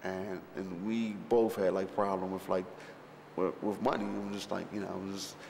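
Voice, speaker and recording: A man's voice: sits low, normal speed, gravelly, a little hiss or hum. A man telling stories in a casual interview, rambling and profane, full of fillers and restarts, acting out what others said. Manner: animated storyteller who acts out others' lines. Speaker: interviewee recalling a film shoot. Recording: echoey hall with long reverb, faint ambience.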